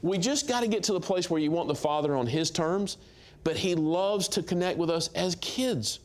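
A middle-aged man, a guest minister, telling lively stories on a talk show and acting out dialogue with laughs. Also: high voice, moderate pace. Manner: animated storyteller, acts out dialogue, laughs. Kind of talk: storytelling testimony on a talk show.

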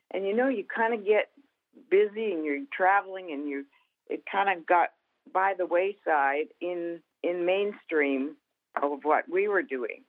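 Woman with a tinny phone-line sound. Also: mid-range voice. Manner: animated storyteller, folksy, laughs easily. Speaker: guest author and revival minister. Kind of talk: storytelling in a Christian TV interview.

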